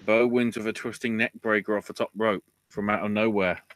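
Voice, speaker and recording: Bright-voiced man in a casual podcast rant. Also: steady tone, brisk. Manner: ranting, swears, voice jumps high when riled. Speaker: podcast host.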